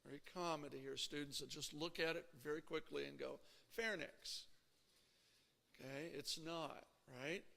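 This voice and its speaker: A man's voice: a little high, steady tone, moderate pace, vocal fry, hardly any pauses, pushed and bright. A man teaching an anatomy class in a conversational lecture style, checking in with the students often. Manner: conversational, checks in with frequent "okay?" and "right?". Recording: reverberant lecture hall.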